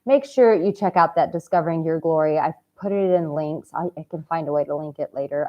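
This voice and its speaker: A woman dating coach giving a heartfelt motivational vlog talk, swinging from hushed tenderness to loud, exuberant outbursts and swearing casually. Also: low-pitched, fairly quick, few pauses, highs cut off.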